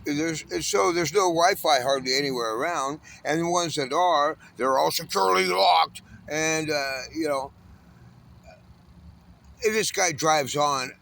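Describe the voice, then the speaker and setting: A man's voice: a little high, measured pace, gravelly, fairly bright tone, slight background noise. A homeless man in his sixties from Southern California, ranting angrily in a profane, bitter monologue. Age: 60s. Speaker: homeless panhandler.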